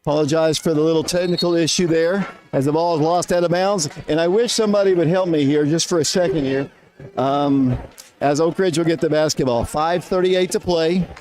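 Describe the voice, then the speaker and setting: A man calling a high school basketball game live on the radio, quick and winded, lifting his voice on big plays. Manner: rapid, rising excitement on big plays. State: out of breath. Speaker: radio play-by-play announcer.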